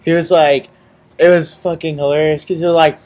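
A young man co-hosting a casual chat, telling stories in a profane, animated way and acting out quotes. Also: a little high, a little fast. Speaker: podcast co-host.

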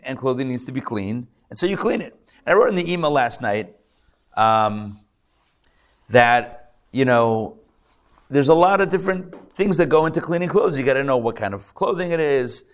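A male rabbi with a medium-pitched voice teaches a live class to an audience. His talk is chatty, full of joking asides, fillers and restarts.

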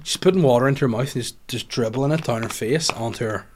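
A man hosting a podcast in casual chat, rambling and animated, swearing freely and going off on tangents. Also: medium pitch, fast talker, background noise. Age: adult, has children. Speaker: podcast host.

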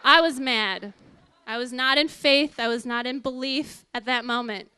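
A woman telling a personal testimony to an audience in a lively storytelling way, acting out what people said. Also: unhurried, smooth, no echo. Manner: lively, acts out quoted voices with big pitch jumps. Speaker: speaker giving a personal testimony.

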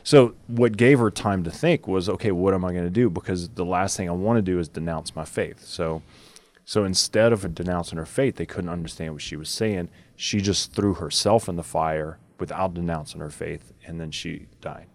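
Deep-voiced man telling a story. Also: normal speed. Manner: laughs often, storytelling with many fillers. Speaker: podcast host. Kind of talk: casual chat.

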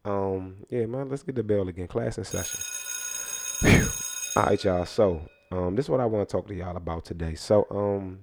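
Gravelly, low-voiced man playing a stern teacher. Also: moderate pace, slight background noise. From Jamaica. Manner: animated, loud, mock-stern teacher act. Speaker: podcast co-host. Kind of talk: playful mock-classroom banter.

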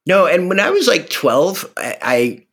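A man's voice: sits high, unhurried. A man from Virginia chatting casually as a podcast co-host, telling stories with acted-out quotes and swearing. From Virginia, USA. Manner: animated storyteller, acts out quoted voices, swears. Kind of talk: casual chat.

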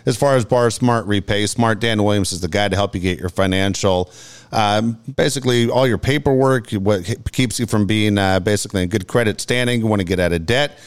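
Low, smooth-voiced male co-host. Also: fairly quick. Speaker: radio co-host. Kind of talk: live ad read.

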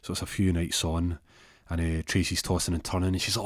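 Man, comic storytelling, rambling, low voice, dry close sound. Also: fairly even intonation, fairly quick, no echo. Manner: rambling, many restarts and fillers.

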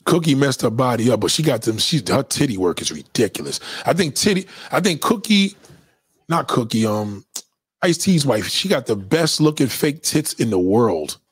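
A man's voice: mid-range voice, big pitch swings, moderate pace, breathy edge, no room sound. A man hosting a podcast, telling loose, profane stories and reacting to live comments in casual chat. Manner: loose, profane storytelling, lots of restarts. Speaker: podcast host.

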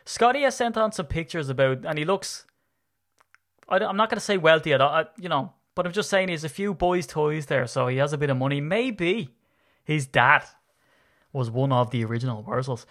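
A man's voice: on the high side, brisk. Chatty man hosting a podcast. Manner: chatty, laughing, animated banter. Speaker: podcast host. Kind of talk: casual sports podcast chat.

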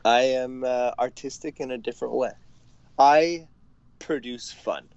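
A man's voice: mid-range voice, a little slow, darkish tone, clean tone, dry recording, dull audio. A man in his thirties from Canada, chatting as a podcast guest, laughing often and hesitating with lots of fillers and casual swearing. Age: 30s. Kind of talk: casual chat.

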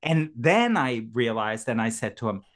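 A man's voice: medium pitch, very animated, moderate pace. A man, a podcast guest, telling a personal story with lots of expression, laughing often and acting out both sides of a conversation.

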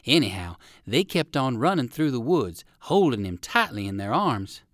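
A man reading a children's storybook aloud with warm, expressive storytelling. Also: medium pitch, normal speed, dry recording, studio quality. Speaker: reader. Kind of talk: storybook narration.

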